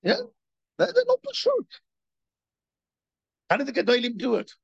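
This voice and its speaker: A man giving a spoken religious lecture, animated, firing rhetorical questions and repeating himself. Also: extremely high pitch, moderate pace, vocal fry, slightly rough, no echo. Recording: dull, dry lo-fi recording.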